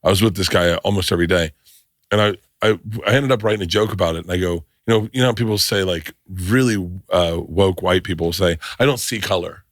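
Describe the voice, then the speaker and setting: A man's voice: sits low, quick pace, no room sound, clean studio sound. A man hosting a podcast, rambling casually and swearing a lot, often restarting his sentences. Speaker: podcast host. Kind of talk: casual chat.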